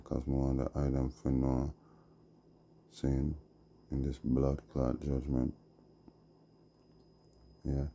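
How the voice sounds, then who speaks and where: Very deep-voiced Jamaican man preaching. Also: mellow, a little hiss or hum. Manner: slow, preachy, repeats "see?" and "yeah?". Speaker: Rastafari livestreamer. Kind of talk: rambling livestream preaching.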